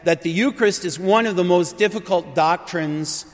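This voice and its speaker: A man's voice: sits high, moderate pace. A man preaching a conversational sermon, telling stories in an earnest, emphatic way. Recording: long hall reverb.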